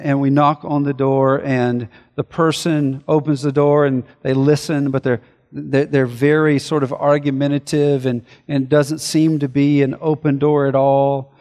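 A man preaching a sermon as a pastor, earnest, swinging between forceful declarations and hushed, slowed reflection. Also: mid-range voice, big-room sound.

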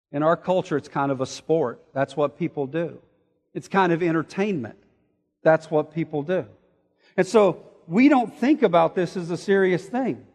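A man preaching an expository sermon, explaining word meanings and reading scripture aloud, moving between loud emphasis and quiet asides. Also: a little high. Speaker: pastor. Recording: hall reverb.

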